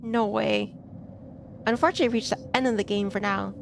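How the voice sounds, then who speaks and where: A woman's voice: mid-range voice, fairly even intonation, a little fast, creaky, background noise. A woman streaming a game, chatting casually and playfully, reacting aloud to what happens on screen.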